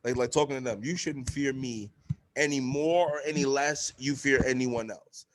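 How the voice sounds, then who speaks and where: A young man hosts a relaxed podcast conversation. He tells stories with lots of life, swears freely and jumps up high when he acts out what others said. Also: normal speed, a loud crowd. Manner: animated storyteller, acts out quotes in a high voice. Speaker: podcast host. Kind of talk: casual chat.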